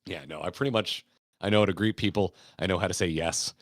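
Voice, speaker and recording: Deep-voiced, laid-back American man. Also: quick pace, no echo, studio quality. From Florida, United States. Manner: rambling, laid-back, laughs often, swears casually. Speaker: podcast host. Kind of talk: casual podcast chat.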